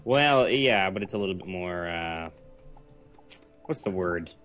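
A man's voice: low-pitched, animated, a little slow, fairly bright tone. Nasal young New England man, gaming guest, giggly, self-deprecating, faint game music behind. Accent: New England American. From New England, United States. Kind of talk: casual gaming chat.

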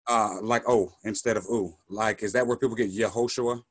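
A man asking quick, tentative questions over a video call. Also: on the low side, fairly even intonation.

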